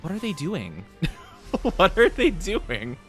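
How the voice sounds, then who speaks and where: A man's voice: high-pitched, huge pitch swings, takes it slowly, fairly bright tone, husky, soft background music. A man streaming as a VTuber, chatting playfully with his viewers and laughing easily. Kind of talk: casual live-stream chat with viewers.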